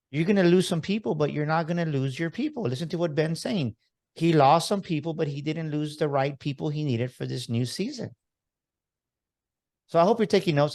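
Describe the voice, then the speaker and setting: A man's voice: mid-range voice, darkish tone. A man hosting a motivational podcast, talking straight to his listeners with energy and a preaching tone. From Texas. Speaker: podcast host.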